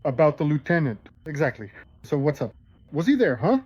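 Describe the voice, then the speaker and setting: A man hosting a show and telling jokes in a lively, animated way. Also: on the high side, brisk, husky, dry recording, highs cut off. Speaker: host and joke teller. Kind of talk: casual joke telling.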